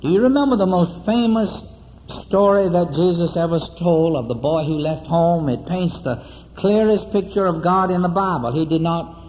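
A man preaching a sermon, telling a story with dramatic pauses and repeated rhetorical questions to the congregation. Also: high-pitched, a little mellow, a little hiss or hum. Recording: dull, echoey church hall recording.

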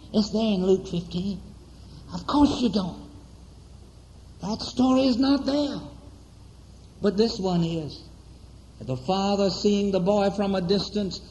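A man's voice: high-pitched, mellow, slight background noise. Guy preaching, lots of "you remember, don't you?" questions, big hall reverb, muffled sound. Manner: rhetorical, repeating questions to the congregation, dramatic storytelling. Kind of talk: sermon storytelling. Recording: dull, echoey church hall recording.

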